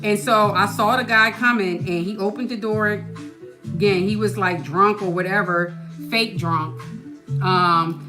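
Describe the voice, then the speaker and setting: A woman hosting a podcast, telling a story in a casual, animated way and asking "you know what I mean" often. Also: mid-range voice, measured pace, over music. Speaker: podcast host.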